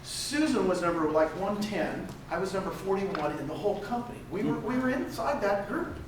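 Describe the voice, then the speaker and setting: A man's voice: high voice, lively intonation, a little fast, noisy background. An older man giving an emphatic motivational talk to a live audience, repeating phrases for effect. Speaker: conference speaker. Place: large conference room. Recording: echoey hall, mic at a distance.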